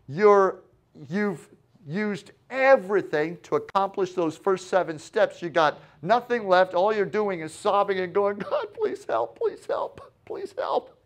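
A man preaching a sermon in a high voice, taking his time over each phrase. He acts out the quoted lines with dramatic shifts, pausing to let points land. His delivery is animated and unhurried. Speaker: pastor.

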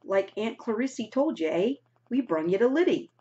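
A woman reading aloud voices a rough, boastful middle-aged farmer uncle with a folksy drawl who keeps adding "eh?" to his lines. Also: on the high side, animated, moderate pace, warm tone, voice pushed up, close to an everyday voice. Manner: folksy drawl, tags "eh?" onto lines, hearty then shifty. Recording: dull lo-fi recording.

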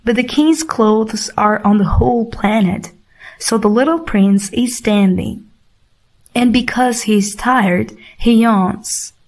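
A woman reading a simple storybook aloud for English learners, clear and deliberate. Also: fairly high pitch, darkish tone. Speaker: audiobook reader.

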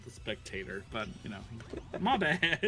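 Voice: medium pitch, very animated, measured pace, sharp tone, faint music behind. A co-player chatting casually during a game, teasing playfully and laughing often. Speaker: co-player on stream. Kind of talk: casual chat while gaming.

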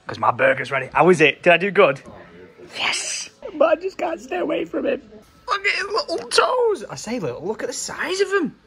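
A man chatting excitedly in a casual vlog, gushing and laughing often. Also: sits high, fairly quick, vocal fry. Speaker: vlogger.

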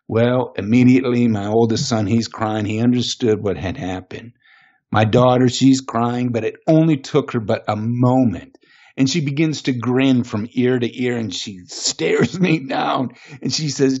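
A man as a podcast guest, giving an earnest, emotional personal testimony and slowing down on the weighty moments. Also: mid-range voice, darkish tone. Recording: muffled lo-fi recording.

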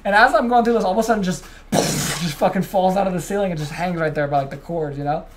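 A man's voice: a little high, steady tone, quick pace, background noise. A young man co-hosting a podcast in casual chat, laid-back and swearing a lot, calling his friend bro and dude. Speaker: podcast co-host.

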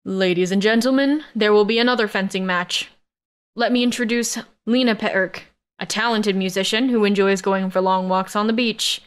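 A cold, aloof father, as a woman reads him calls out bids and winners in a formal, grudging tone. The voice stays smooth and clear, never warming up. It sits at an ordinary middle pitch. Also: normal speed, natural voice. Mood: flat announcing. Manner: formal, unenthusiastic announcer.

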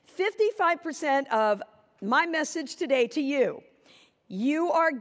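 A woman's voice: high voice, lively intonation, slow pace. A woman giving a conference keynote, telling a story and acting out both sides of a conversation. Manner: storytelling, acting out dialogue with shifting voices. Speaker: keynote speaker. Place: conference hall stage. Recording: echoey conference hall.

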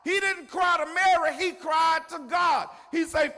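An older man preaching a sermon, moving between quiet asides and shouted lines. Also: extremely high pitch, fairly even intonation, moderate pace, hardly any pauses. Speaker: pastor. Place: church sanctuary. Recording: long reverb of a large hall.

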